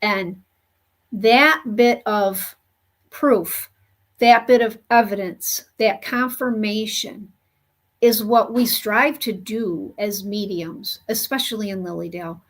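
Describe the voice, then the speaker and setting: A woman speaks at a slow, unhurried pace, recounting her experience earnestly. Her pitch sits in a middle register, and she fills her talk with "you know" as she shares the story as a spiritual medium. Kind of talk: storytelling monologue.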